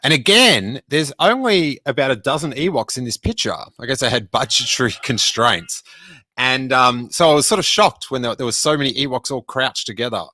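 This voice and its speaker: A podcast host reading a children's book aloud, jokey and animated, breaking in to do character voices and make asides. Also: male voice, medium pitch, normal speed, no room sound. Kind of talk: casual read-aloud with commentary.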